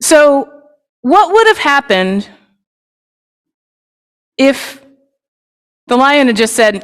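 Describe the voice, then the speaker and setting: Woman worship leader, somewhat high, friendly and chatty, on a mic in a reverberant sanctuary. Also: takes it slowly, long pauses, clean tone. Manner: lively, chatty and inviting. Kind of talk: children's story in a service. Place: congregation sanctuary. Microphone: microphone.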